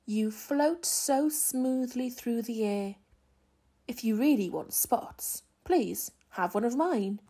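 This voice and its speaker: A kind male frog in a picture book offers comfort in a gentle, unhurried voice, as a woman reads him. The tone is soft, breathy and warm. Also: on the high side, lively intonation, exaggerated voice. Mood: kind reassuring. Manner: gentle, reassuring, slow.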